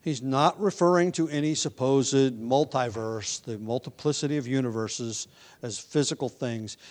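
A man teaching a sermon through a Bible book verse by verse, measured and deliberate, slowing down to stress key points, with occasional ums and self-corrections. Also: mid-range voice, a little mellow. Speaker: preacher.

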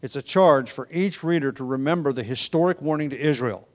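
A man giving an expository sermon, teaching in a measured, explanatory way with occasional restarts. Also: fairly high pitch. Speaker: preacher.

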